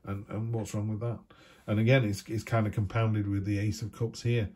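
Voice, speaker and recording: A man's voice: fairly low pitch, flat delivery, moderate pace, dark tone, slightly rough. A man giving a chatty, rambling tarot reading full of asides. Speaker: tarot reader.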